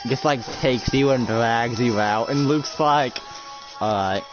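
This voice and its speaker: A man's voice: medium pitch, a little slow. Rambling guy narrating a roleplay. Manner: rambling, filler-heavy storytelling. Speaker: game master. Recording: dull lo-fi recording with music. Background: loud background music.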